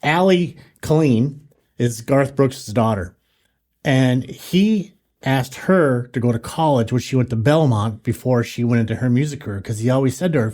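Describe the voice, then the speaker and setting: A man co-hosts a podcast in an easygoing, motivational way. He speaks straight to the listener and sounds sincere. His voice has an average pitch. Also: moderate pace, a little mellow. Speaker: podcast co-host. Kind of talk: casual conversation.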